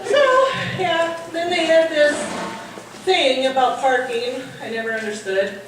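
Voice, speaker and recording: A middle-aged woman telling a funny farm story live at a party, acting out the men's shouting. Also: normal speed. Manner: animated, acts out the men's shouting in a higher voice. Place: hall at a holiday party. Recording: echoey hall, mic at a distance, audience noise.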